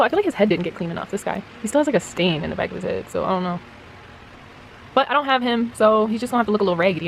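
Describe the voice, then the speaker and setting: A woman's voice: medium pitch, creaky, a little hiss or hum. A young woman chatting casually to camera about restoring dolls, rambling and slangy, with lots of laughs. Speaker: doll restoration vlogger.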